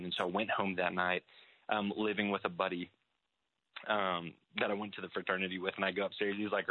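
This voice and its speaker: A man's voice: low-pitched, bright, forceful tone, no echo. A young man candidly telling his faith testimony, acting out past conversations as he goes. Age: young adult. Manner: candid, acts out past dialogue. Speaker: person sharing a faith testimony. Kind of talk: personal testimony storytelling. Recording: tinny phone-like dry sound.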